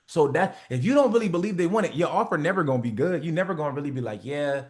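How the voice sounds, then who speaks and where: A man coaching a group on a motivational call, animated and profane, acting out little skits. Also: on the high side, quick pace. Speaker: business coach.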